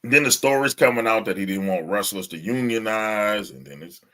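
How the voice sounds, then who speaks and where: A man's voice: fairly low pitch, moderate pace, fairly bright tone. A man co-hosting a podcast in casual chat, ranting with lots of swearing and frequent laughter. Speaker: podcast co-host.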